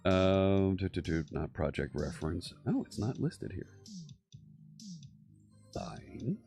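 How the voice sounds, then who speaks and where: Deep-voiced male streamer, slow rambling coding chat, soft music underneath. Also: sing-song, vocal fry. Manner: rambling, thinks aloud with many fillers and restarts. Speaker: live-coding streamer host.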